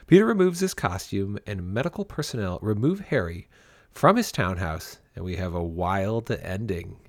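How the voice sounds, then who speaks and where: A man co-hosting a casual podcast, recapping a story in an animated way and often laughing. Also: low-pitched, moderate pace, no echo, clean studio sound. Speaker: podcast co-host. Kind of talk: casual comic book podcast chat.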